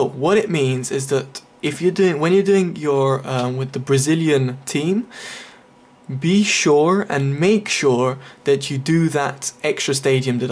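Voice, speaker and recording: A man giving casual, chatty commentary over a game walkthrough, explaining each step with many fillers. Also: mid-range voice. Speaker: gaming video creator.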